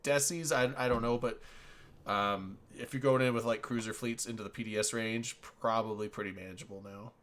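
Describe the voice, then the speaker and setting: A man's voice: mid-range voice, fairly even intonation, brisk, a bit bright. A man hosting a casual gaming chat, hesitant and thinking aloud with frequent fillers.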